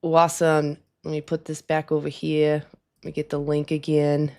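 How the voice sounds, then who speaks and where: A woman's voice: low-pitched, completely flat delivery, moderate pace, warm tone. A woman hosting a casual live stream at her desk at home, rambling with lots of fillers and chatty asides.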